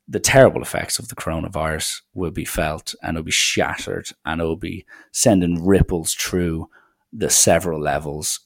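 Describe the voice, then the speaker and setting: Low and gravelly, the voice belongs to a young Irish podcast host talking on his own. His casual show wanders freely, delivered with sardonic, deadpan mock-seriousness.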